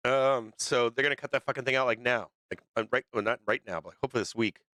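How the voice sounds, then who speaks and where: A man hosting a livestream, talking unscripted with heavy swearing and halting fillers. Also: medium pitch, bright, forceful tone, dry recording, studio quality. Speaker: livestream show host.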